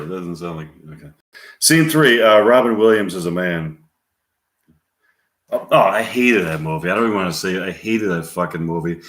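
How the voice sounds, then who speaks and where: A man rambles and swears to himself as he works through a solo movie-scene game, his pitch rising and falling a lot. His voice is on the low side and rings with the echo of a bare room. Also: expressive, moderate pace, fairly bright tone. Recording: roomy echo.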